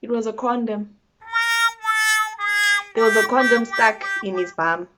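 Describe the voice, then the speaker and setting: A young woman with a South African accent, telling a story to her viewers in a blunt, animated storytime style. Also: a little high, measured pace, loud music behind the voice. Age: young adult. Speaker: vlogger. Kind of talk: casual storytime.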